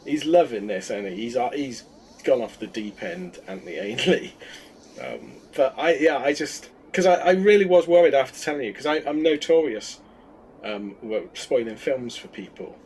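A podcast co-host chats casually, telling rambling anecdotes and laughing often. His medium-pitched voice is expressive and a little mellow, at normal speed, with slight background noise.

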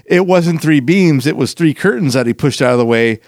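A man's voice: on the high side, lively intonation, brisk, a little mellow, dry recording. Enthusiastic swearing man, dry close sound. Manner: enthusiastic, profane fan talk. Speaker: podcast co-host. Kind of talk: casual chat.

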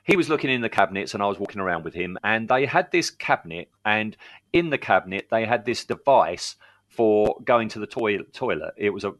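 A man co-hosting a casual podcast chat, telling anecdotes and quoting people in animated put-on voices. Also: on the low side, fairly quick, no room sound. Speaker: podcast co-host.

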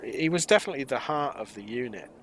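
A middle-aged man talking as a podcast co-host, his pitch swooping up and down as he gets excited. He fires off quick asides in a relaxed, chatty fan-discussion style. A faint hum sits under the recording. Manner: animated, quick asides, quotes scenes in put-on voices.

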